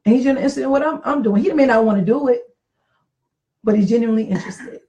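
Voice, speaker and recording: A woman's voice: fairly high pitch, racing, mellow, poor audio. A middle-aged woman in casual talk about marriage, earnest and reflective, repeating phrases for emphasis. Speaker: podcast co-host.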